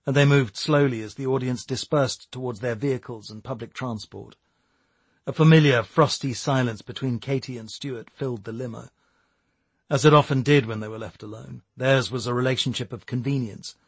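A man reading a novel aloud in a measured, even narrating voice. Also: mid-range voice, breathy edge, no echo. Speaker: audiobook narrator. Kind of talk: scripted narration.

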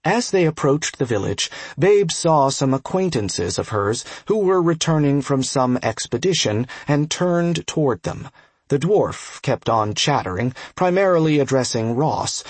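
Husky male audiobook narrator. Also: mid-range voice, animated, normal speed, darkish tone, no room sound. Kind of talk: scripted narration.

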